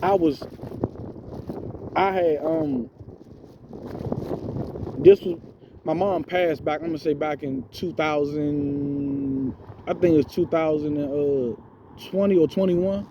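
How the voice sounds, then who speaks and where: A man's voice: on the high side, lively intonation, takes it slowly, gravelly, long pauses, noisy background. A man telling a spiritual testimony in a casual, slangy way, calling his listeners bro. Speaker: storyteller giving a spiritual testimony.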